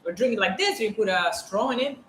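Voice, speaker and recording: A woman co-hosts a casual live stream and talks freely about each sweet as she tastes it. Her voice is bright and crisp. The room is echoey, with faint noise behind her. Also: medium pitch, expressive, fast. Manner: talkative, explains foods as she tastes them.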